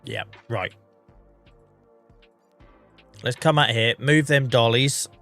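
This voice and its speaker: An English man rambles through a casual game livestream, poking fun at himself as he goes. He is under the weather and coughing, and his voice has a bright, forceful edge. Soft music plays faintly behind him. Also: medium pitch, normal speed, creaky. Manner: chatty, rambling, self-mocking. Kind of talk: casual gameplay commentary.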